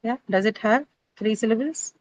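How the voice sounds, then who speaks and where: A woman's voice: a little high, normal speed, no echo, poor audio. Woman teacher leading a pronunciation lesson. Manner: checks in with students, frequent "right?" and "uh" fillers. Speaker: English teacher. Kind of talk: classroom lesson on word stress. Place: classroom.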